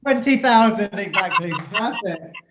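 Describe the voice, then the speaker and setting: Camp chatty host in a roomy call. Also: male voice, high voice, lively intonation, unhurried, noisy background. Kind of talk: casual online show hosting. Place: home room, over video call. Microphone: computer mic on video call.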